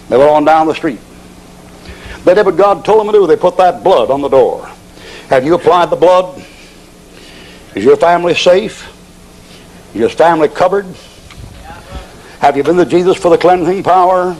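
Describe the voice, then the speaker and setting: A man's voice: on the high side, normal speed, pauses often, darkish tone, rough recording. A man preaching a sermon as a folksy, humorous storyteller.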